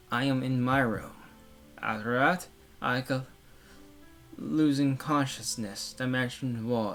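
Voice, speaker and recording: A man's voice: medium pitch, fairly bright tone. Man stumbling through a visual novel reading. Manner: stumbling reader, wry offhand comments. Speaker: let's play narrator.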